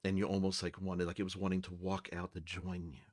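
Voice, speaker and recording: A man narrating a tabletop role-playing game as game master, describing scenes in a slow, hesitant way. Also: deep voice, completely flat delivery, a little mellow.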